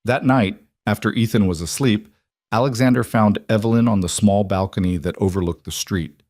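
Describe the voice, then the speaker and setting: Reading a romance story, a man speaks in a low voice with a steady, measured delivery. The sound is dry and close-miked, with no room sound at all.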